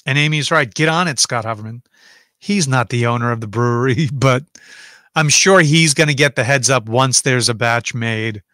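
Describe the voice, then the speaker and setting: A man's voice: mid-range voice, moderate pace, sharp tone, no room sound, clean studio sound. A man hosting a casual livestream from home, chatting and rambling as he reads out viewer comments and answers them.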